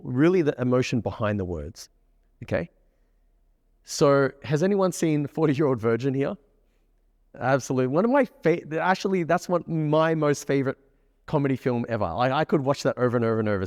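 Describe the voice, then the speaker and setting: A man with an Australian accent giving a lively presentation as a dating coach, acting out example voices. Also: mid-range voice, in a large hall. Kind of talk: presentation to a group.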